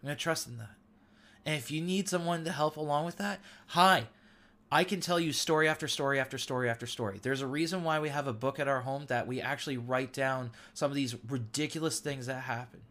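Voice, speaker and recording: A man's voice: mid-range voice, fairly quick, pushed and bright. A man in his thirties hosting a devotional talk, sharing an earnest, emotional testimony. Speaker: podcast host.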